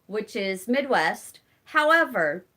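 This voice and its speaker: A woman's voice: mid-range voice, big pitch swings, slow pace, bright, forceful tone. A woman with a Southern Illinois accent hosting a casual live-stream chat, answering viewers by name and laughing often. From Southern Illinois, rural community. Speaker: channel host reading live chat.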